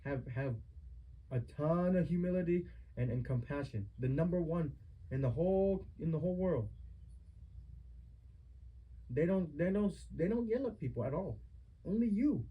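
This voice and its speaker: Young guy with a husky, high-ish voice, fired up and firing question after question at his mom. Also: animated, moderate pace, long pauses, dull audio. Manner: accusing, repetitive rhetorical questions. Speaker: son confronting his mother. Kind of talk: heated family argument.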